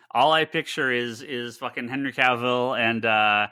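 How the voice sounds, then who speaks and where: A man co-hosting a casual podcast chat, rambling and restarting his sentences with excitement. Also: mid-range voice, moderate pace, clear, resonant tone, no echo, clean studio sound. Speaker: podcast co-host.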